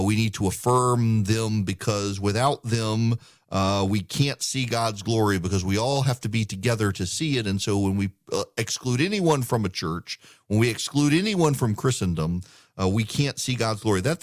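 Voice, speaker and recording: A man's voice: fairly low pitch, animated, normal speed, dry recording, clean studio sound. A man hosting a political talk radio show, speaking emphatically and often repeating words as he starts a sentence. He grew up in the United Arab Emirates.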